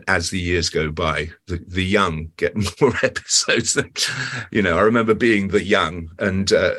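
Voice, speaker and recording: A man's voice: low-pitched, fairly bright tone. A man, an actor, chatting in an interview and telling stories with lots of asides and restarts. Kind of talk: casual interview chat.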